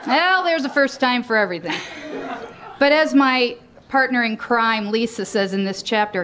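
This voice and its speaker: A woman's voice: on the high side, animated, normal speed. Woman, author reading her memoir, candid storytelling, giggly, cheeky, faint noise behind. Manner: giggly, laughs often between lines; frank and cheeky.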